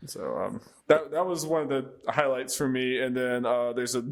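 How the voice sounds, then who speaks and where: A man guesting on a gaming podcast, relaxed and laughing as he retells trailers. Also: medium pitch, moderate pace, creaky. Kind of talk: casual chat.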